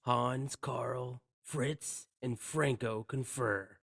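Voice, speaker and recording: A man's voice: mid-range voice, slow, dry recording, studio quality. A man co-hosting a podcast, reading screenplay action lines aloud and stumbling over words. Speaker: podcast co-host.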